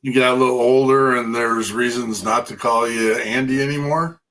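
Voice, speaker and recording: Bright-voiced, teasing man co-host. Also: medium pitch, fairly even intonation, moderate pace, low-quality recording. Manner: teasing, joking banter. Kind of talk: casual livestream chat. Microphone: video call setup.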